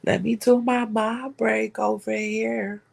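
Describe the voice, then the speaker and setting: Slow gravelly woman gossip host. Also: on the high side, flat delivery. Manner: rambling, repeats words. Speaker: livestream host. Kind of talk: casual gossip commentary.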